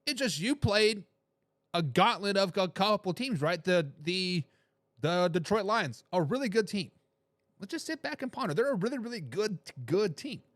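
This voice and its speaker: A man hosting a casual live sports talk show, reading viewer comments aloud with a joking, animated manner and frequent laughs. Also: high voice, moderate pace, dry recording, studio quality.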